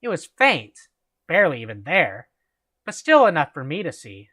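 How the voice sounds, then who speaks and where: An amused man reads a fan story aloud and breaks off to chat and laugh with his friends. His intonation is lively, rising and falling freely. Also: a little high, normal speed. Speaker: host reading a fan story. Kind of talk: reading aloud and casual chat.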